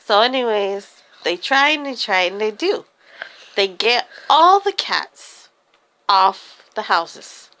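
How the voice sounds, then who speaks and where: A woman's voice: medium pitch, big pitch swings, slow, pushed and bright, poor audio. A woman telling an improvised silly story, giggly and rambling.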